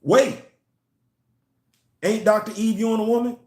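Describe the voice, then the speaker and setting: A man's voice: high voice, fairly even intonation, unhurried, a little mellow, roomy sound. A man giving a casual, emphatic opinion vlog on comics and culture, repeating his phrases to drive points home.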